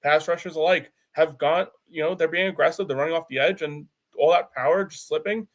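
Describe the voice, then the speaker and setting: A man's voice: a little high, brisk. A man co-hosting a casual sports talk show, often repeating words as he searches for them. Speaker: podcast co-host.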